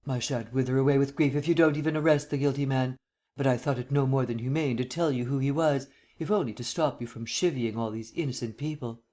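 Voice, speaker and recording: Drawling languid dilettante, witty gentleman, man reading it, unhurried, mid-pitched voice. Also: steady tone, close to an everyday voice. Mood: airy. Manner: unemotional drawl.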